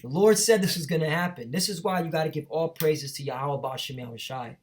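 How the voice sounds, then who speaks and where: A man's voice: a little high, a little fast. A man teaching from the Bible in an emphatic, preachy way, reading verses aloud and checking in with the listener as he goes. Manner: emphatic, repeats "all right?" and "man". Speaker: street preacher.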